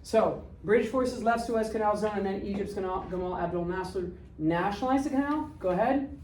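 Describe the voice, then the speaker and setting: A woman in her 60s teaches history with a medium-pitched, slightly mellow voice, bluntly peppering the class with rapid questions. A distant mic captures the echoey room along with a faint hiss or hum.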